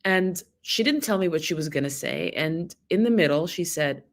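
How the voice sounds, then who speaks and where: A woman scholar and teacher speaking as a guest in a conversation. Her voice sits on the low side, and she talks emphatically, repeating phrases to drive her point home. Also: lively intonation, normal speed, few pauses. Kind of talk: conversational discussion.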